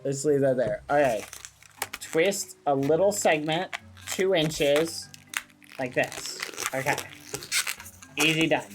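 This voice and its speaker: A man's voice: a little high, lively intonation, slow, long pauses. A man livestreaming and chatting casually, fretting nervously and cursing mildly with "fudge". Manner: fretful, nervous, swears softly with "fudge". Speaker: streamer. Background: background music.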